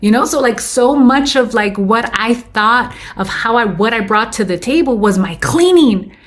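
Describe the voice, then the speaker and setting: A woman's voice: on the high side, lively intonation, moderate pace. Woman, 30s, podcast guest, candid storytelling, code-switches into Spanish. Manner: candid, mixes in Spanish phrases. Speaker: podcast guest, business owner. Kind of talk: casual interview storytelling.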